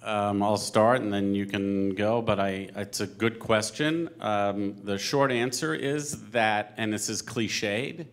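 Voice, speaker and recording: A man speaking at a panel conversation as a company co-president, earnest and halting, getting teary. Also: fairly low pitch. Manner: earnest, emotional, halting with fillers. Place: synagogue event hall.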